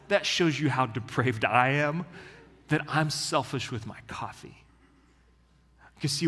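A male pastor preaching a sermon in an animated, self-mocking, conversational way. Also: fairly high pitch. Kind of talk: sermon with storytelling. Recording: long reverb of a large hall.

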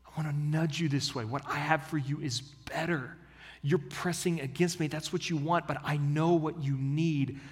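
A man playing God, steady and patient, gently correcting with quiet assurance. The voice sits slightly low and slow. A long reverb from a large hall trails each phrase. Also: natural voice.

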